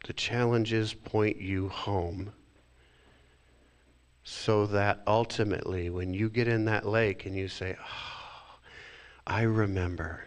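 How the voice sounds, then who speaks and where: A man's voice: fairly low pitch, steady tone, slow pace, smooth. A male minister giving a reflective sermon, sometimes acting out inner thoughts with sighs.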